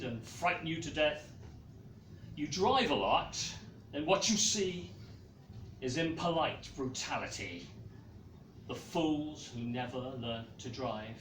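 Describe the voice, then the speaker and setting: A man's voice: on the high side, expressive, fairly bright tone, a little hiss or hum. A man giving a comic poetry reading at a small live venue, hesitant between pieces with fillers. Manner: slow, deliberate delivery with hesitant fillers. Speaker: performance poet. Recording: roomy, distant live room mic.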